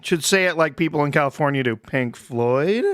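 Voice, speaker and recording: A man's voice: a little high, very fast, fairly bright tone, no room sound, studio quality. A man co-hosting a casual live-streamed talk show, laid-back and joking, often laughing along with the host.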